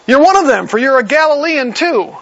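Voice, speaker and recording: A man's voice: extremely high pitch, expressive, brisk, a bit bright, pitched above the performer's own voice, heavily acted. A man voicing a crowd of adult bystanders who make insistent, cornering accusations. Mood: accusing. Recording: slightly dull lo-fi recording.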